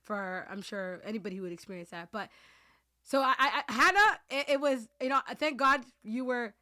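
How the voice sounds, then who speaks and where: A woman's voice: fairly high pitch, animated, a little fast, bright, forceful tone. Heartfelt woman podcast host, rambling. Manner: heartfelt, rambling, many restarts; Muslim phrases woven into speech. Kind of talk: emotional team chat.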